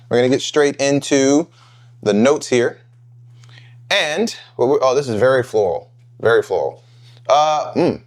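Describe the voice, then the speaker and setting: A man's voice: mid-range voice, normal speed, long pauses. A man hosting his own review channel, talking casually and thinking aloud with fillers and self-corrections. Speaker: fragrance reviewer, channel host. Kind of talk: casual unscripted review vlog.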